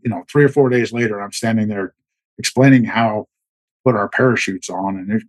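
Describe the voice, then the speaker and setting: A man in his fifties, a retired soldier, telling war stories casually in a halting way, with many restarts. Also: on the low side, no echo, low-quality recording. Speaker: guest, retired Army Green Beret. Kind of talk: casual storytelling.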